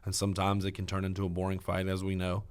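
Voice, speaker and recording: A man co-hosting a podcast, recapping fights in a relaxed, casual way and talking in long runs. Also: deep voice, fast talker, clean tone. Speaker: podcast co-host. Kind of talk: casual chat.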